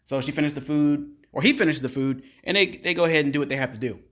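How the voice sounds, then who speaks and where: A man's voice: fairly high pitch, fast, fairly bright tone. A man casually recapping a reality show episode in a rambling, filler-heavy way. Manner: rambling, filler-heavy retelling with "like" and "you know".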